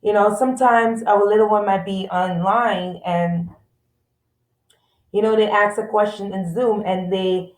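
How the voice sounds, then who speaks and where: Fast-talking woman presenting slides, echoey room. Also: mid-range voice, a little mellow. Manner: fast-talking, trying to slow down. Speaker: school support presenter for parents.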